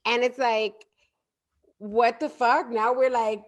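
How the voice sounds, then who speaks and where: A woman's voice: a little high, steady tone, slow. A woman co-hosting a podcast, chatting loosely and swearing freely as she jokes around. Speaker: podcast co-host. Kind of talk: casual chat.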